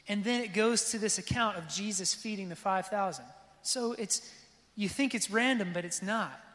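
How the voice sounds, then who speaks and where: High-voiced preacher man in a reverberant hall. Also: moderate pace. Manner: lively preaching, asks the crowd for response. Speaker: pastor. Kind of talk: sermon.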